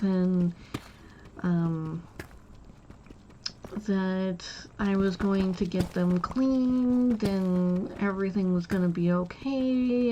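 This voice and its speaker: A woman's voice: mid-range voice, dark tone, dull audio, slight background noise. A woman streamer telling a long childhood story in a casual, rambling way, with many restarts and quoted voices. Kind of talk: casual storytelling while gaming.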